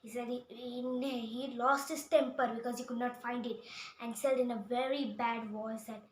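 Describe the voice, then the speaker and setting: A woman from India, retelling a picture book in a halting way and repeating words. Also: a little high, fairly even intonation. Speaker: storyteller. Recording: echoey room with faint hum.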